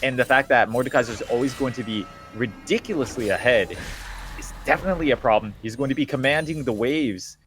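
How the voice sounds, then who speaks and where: A man's voice: medium pitch, brisk, fairly bright tone, soft background music. A man giving casual color commentary on an esports match, laid-back and jokey, laughing often.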